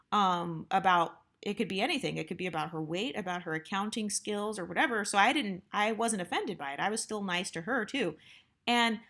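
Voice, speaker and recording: A young adult woman talks through a workplace story in a loose, candid storytime style. Her mid-pitched voice rambles with frequent fillers and blunt asides. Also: fairly bright tone. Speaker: storytime vlogger. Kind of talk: casual storytime monologue.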